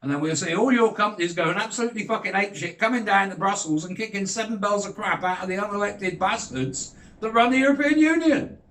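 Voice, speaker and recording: Older british bloke ranting and swearing, high voice, echoey room. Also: male voice, brisk, few pauses, a bit bright. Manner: sweary, blunt, heated. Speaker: vlogger. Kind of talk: ranting monologue.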